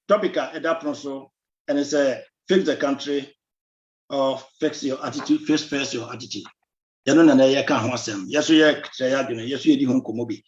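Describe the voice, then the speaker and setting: A Ghanaian-accented man runs a live talk show and welcomes his viewers one by one. His voice sits in a middle range. The sound is dull and lo-fi, like a web stream. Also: medium pitch. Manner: mixes Twi and English, reads out names and phone numbers. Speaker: host. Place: Belgium.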